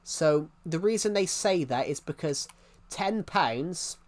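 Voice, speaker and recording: A man's voice: a little high, animated, takes it slowly. A man with an English accent, chatting casually on a live stream, rambling and restarting his sentences as he answers viewers. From England. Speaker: livestreamer.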